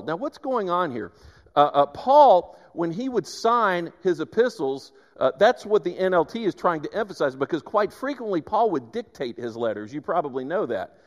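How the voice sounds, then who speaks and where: Male pastor, fairly high voice, lively sermon storytelling, long hall reverb. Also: normal speed, lo-fi sound. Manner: animated storytelling, frequent restarts.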